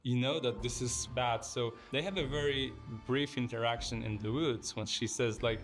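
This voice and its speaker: Man, mid-pitched voice, earnest, behind-the-scenes interview, faint music underneath. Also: moderate pace. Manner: earnest, explanatory.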